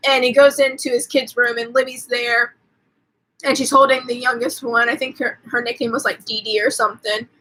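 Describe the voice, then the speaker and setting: A woman's voice: fairly high pitch, little pitch movement, a bit bright, low-quality recording. A woman hosting a livestream, casually retelling a film's plot, with "like" in nearly every phrase and offhand swearing. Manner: rambling, fills every pause with "like", swears casually. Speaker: host. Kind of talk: casual movie recap on a livestream.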